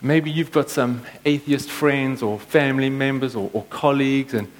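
A man preaching a sermon, telling stories and acting out quotes with lively energy. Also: mid-range voice, moderate pace, poor audio. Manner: storytelling, animated with acted-out quotes. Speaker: pastor.

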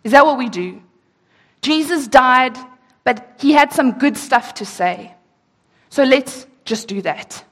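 Slow, husky woman preaching in a hall. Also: sits high, animated. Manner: slow, emphatic reading of scripture with rhetorical questions. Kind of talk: sermon. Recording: echoey hall.

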